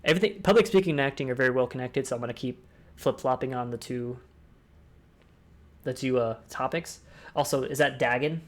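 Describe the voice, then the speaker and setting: A young man hosting a casual online talk, speaking fast and rambling, swearing freely. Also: medium pitch. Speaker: discord talk host. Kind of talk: casual chat.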